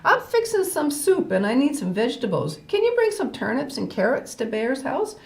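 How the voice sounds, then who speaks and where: An older woman voicing a crafty male alligator with a slow, sly drawl. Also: sits high, big pitch swings, creaky, pitched above the performer's own voice, exaggerated voice. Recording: roomy echo.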